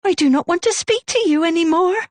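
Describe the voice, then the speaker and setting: A woman voicing a composed, eerie baker's widow who speaks softly in a gentle Gloucestershire accent. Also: extremely high pitch, brisk, no room sound, pitched above the performer's own voice. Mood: cold. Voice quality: gentle, soft-spoken.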